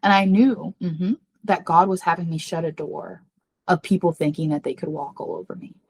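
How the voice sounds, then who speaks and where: A woman whose voice is slightly low and a bit rough talks at a normal speed as a podcast guest, openly confiding a personal story. She's a psychic medium, earnest, and refers to herself by name. When she acts out quoted voices, her animated delivery jumps up in pitch.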